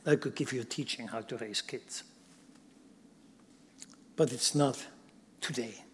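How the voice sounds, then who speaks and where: A man preaching a sermon, swinging from loud emphatic bursts down to near-whispers. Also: mid-range voice, unhurried, big-room sound, a little hiss or hum. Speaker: pastor.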